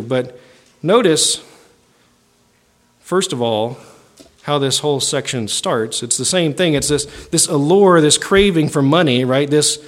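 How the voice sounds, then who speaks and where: In a slightly high, fairly bright voice, a male pastor reads from scripture and unpacks it in a conversational sermon, frequently adding "right?" to check in.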